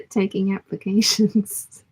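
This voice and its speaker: A woman with a hoarse, croaky voice, chatting casually and rambling as she sews and answers a live chat. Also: medium pitch, fairly even intonation, slow pace, a little mellow. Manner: rambling, self-deprecating, chatty. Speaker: sewing livestream host. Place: home sewing studio.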